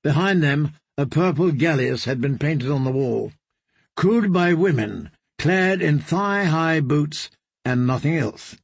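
A male audiobook narrator with a husky, slightly high voice, reading in a steady storytelling way. The sound is dry and close to the mic. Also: slow pace, dry recording. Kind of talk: scripted narration.

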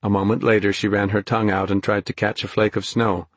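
A man with a husky voice narrating an audiobook in a steady, even storytelling manner. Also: fairly low pitch, fast talker, no room sound. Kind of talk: scripted narration.

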